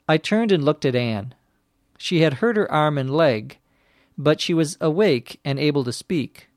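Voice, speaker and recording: A man narrating a detective story slowly and clearly, as an audiobook for learners. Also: mid-range voice, no echo, studio quality. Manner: slow and clearly spaced.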